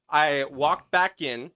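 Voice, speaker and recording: A man co-hosting a podcast, telling a story in casual chat, animated and profane, getting loud as he retells it. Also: on the high side, creaky, slight background noise. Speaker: podcast co-host.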